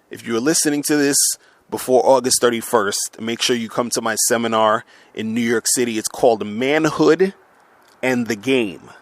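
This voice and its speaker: A man's voice: medium pitch, dry recording. A man in an angry, profane monologue, stumbling over words and restarting as he rants to his listeners. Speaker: online men's coach. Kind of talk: heated monologue rant. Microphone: audio recording for upload.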